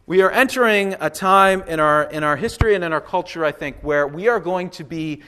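A man preaching a sermon, animated and emphatic, repeating phrases and acting out what others say. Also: high voice, brisk, hardly any pauses, clean tone. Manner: animated preaching, emphatic repetition, acts out quotes. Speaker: pastor.

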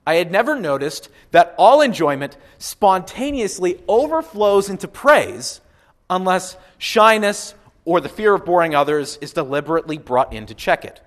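A man preaching a sermon, animated and emphatic, repeating phrases and acting out what others say. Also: sits high, normal speed. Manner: animated preaching, emphatic repetition, acts out quotes. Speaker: pastor.

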